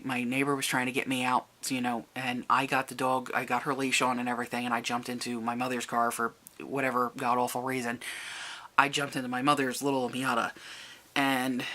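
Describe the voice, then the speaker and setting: A vlogger telling a personal family story to the camera, halting and restarting, and lifting the voice to act out quoted people. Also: mid-range voice, pushed and bright. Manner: recounts events, raising the voice for quoted people.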